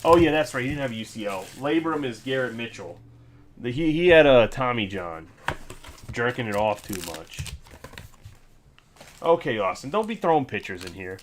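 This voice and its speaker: A man hosting a card break on a livestream, talking casually. He runs through names one after another in quick lists. Between them he drifts into sarcastic, ranting asides. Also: medium pitch, big pitch swings, slight background noise.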